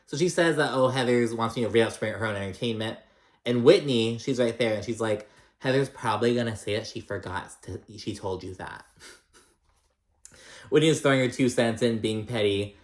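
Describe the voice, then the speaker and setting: A man with a mid-range voice casually recaps a reality show at a moderate pace, his sound roomy. He's gossipy and leans heavily on fillers, acting out the cast's lines with sassy quotes.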